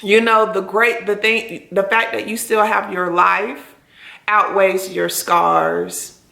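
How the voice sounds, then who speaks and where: A woman's voice: mid-range voice, level tone, slow, vocal fry, sharp tone. Earnest woman in an echoey room. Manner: earnest, encouraging, acts out quoted dialogue. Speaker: burn survivor vlogger. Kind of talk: heartfelt motivational talk to camera.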